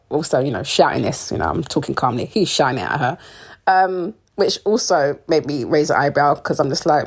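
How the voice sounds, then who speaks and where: A woman's voice: sits low, animated, moderate pace. A young British woman giving casual, opinionated commentary on a reality show, with sarcasm and frequent laughs. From United Kingdom. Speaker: reality TV recap host.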